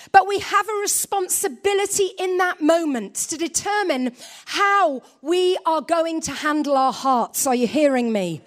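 A woman preaching a sermon, telling a story with lively delivery and quiet low asides.

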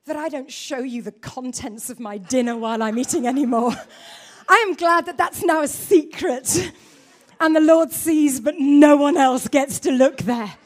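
Woman, preacher, sermon, very high voice, animated storytelling. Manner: animated storytelling, self-mocking.

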